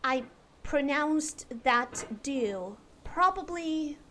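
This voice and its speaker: A woman streamer putting on a posh British accent during a live game stream, playing a prim, proper English lady who speaks slowly and sounds out every letter and long vowel. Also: high voice, lively intonation, sharp tone, a little hiss or hum, exaggerated voice. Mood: earnest. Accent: put-on posh British (received pronunciation). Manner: slow, deliberate over-enunciation of every letter and long vowels.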